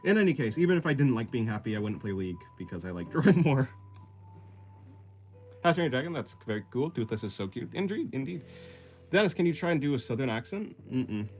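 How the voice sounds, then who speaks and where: A man chatting casually on a drawing stream, his pitch bouncing up and down with a lot of movement. He reads viewer messages aloud and answers in a loose, self-deprecating, rambling way, often laughing. A soft guitar plays quietly behind him. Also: sing-song, fast talker. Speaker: art livestreamer. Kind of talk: casual livestream chat while sketching, reading chat aloud.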